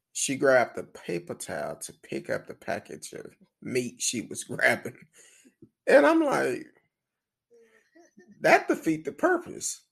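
A man in a casual group chat, telling a story with animated delivery and dropping in quick agreeing remarks. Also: fairly low pitch, creaky, husky.

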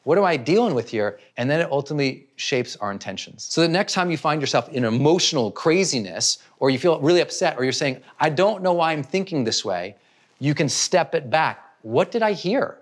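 A man with a fairly high voice gives a motivational self-help talk. He is animated, and he acts out other people's worried inner thoughts as he explains his point. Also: brisk.

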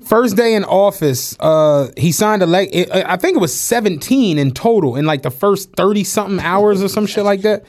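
A man's voice: sits high, expressive, normal speed, hardly any pauses, darkish tone. A man co-hosting a podcast in casual chat, slangy, laughing often and acting out quotes in funny voices. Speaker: podcast co-host.

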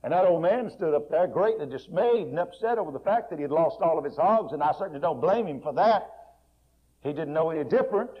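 Male preacher, folksy dramatic sermon, husky voice, muffled lo-fi recording. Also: a little high, expressive, brisk. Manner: folksy, dramatic retelling with sudden soft and loud swings. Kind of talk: sermon storytelling.

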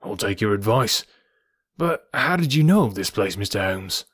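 A man's voice: lowish voice, lively intonation, moderate pace, breathy edge, no echo, studio quality. A man voicing an angry, indignant police inspector in a Victorian detective audiobook. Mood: grudging. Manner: loud, indignant, exasperated.

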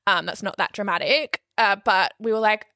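A young woman, co-hosting a podcast and telling a story in a casual, animated way, swearing freely and saying "like" a lot. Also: mid-range voice, moderate pace, no room sound, studio quality. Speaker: podcast co-host.

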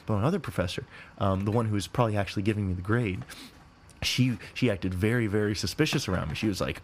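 A young man in his twenties talks alone into his podcast mic, circling back over the same points and swearing as he goes. His voice sits low, with a faint hum under it. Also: fast. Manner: rambling, repetitive, profane. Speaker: podcast host. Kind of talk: rambling monologue podcast.

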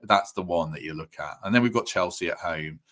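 A man hosting a football podcast, chatty and relaxed. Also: low-pitched, fairly quick. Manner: chatty, laughs easily. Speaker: podcast host. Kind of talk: casual podcast chat.

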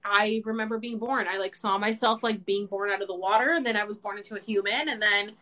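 Young woman, host, excitable, swears a lot, heavy filler words, mid pitch. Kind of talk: casual chat.

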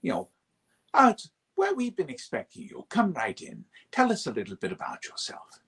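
A man's voice: high voice, wildly swooping pitch, moderate pace, creaky, fairly bright tone, slightly rough, pitched above the performer's own voice, heavily acted. A man voicing an effete, welcoming male video game character in an airy, genteel way.

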